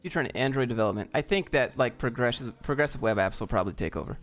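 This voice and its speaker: A man's voice: mid-range voice, quick pace, a bit bright, soft background music. Laid-back man answering live chat. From American South. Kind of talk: casual live-stream Q&A.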